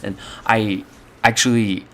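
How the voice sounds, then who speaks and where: A man's voice: lowish voice, level tone, takes it slowly, fairly bright tone. A young man telling a personal story to his viewers in a loose, rambling way, full of fillers and swearing. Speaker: channel host. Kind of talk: casual storytelling to camera.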